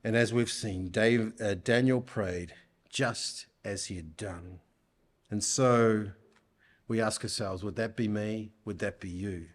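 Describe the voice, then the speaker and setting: A man preaching a sermon in church, speaking deliberately and putting rhetorical questions to his listeners. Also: lowish voice.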